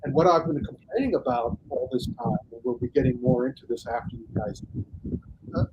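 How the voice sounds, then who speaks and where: A man talking casually as a guest critic on a video call, animated and acting out reactions. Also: mid-range voice, a little fast, lo-fi sound, background noise. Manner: animated, acts out imagined reactions. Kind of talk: casual panel chat.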